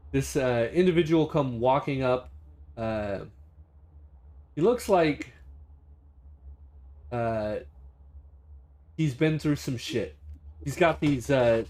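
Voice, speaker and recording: A man running a tabletop game as game master, describing scenes casually with many pauses. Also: mid-range voice, darkish tone.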